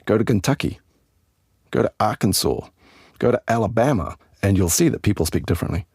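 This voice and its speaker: A man hosting a podcast lesson as an English teacher, explaining in a relaxed, chatty way with asides to the listener. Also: lowish voice, brisk, slightly rough, dry recording, clean studio sound.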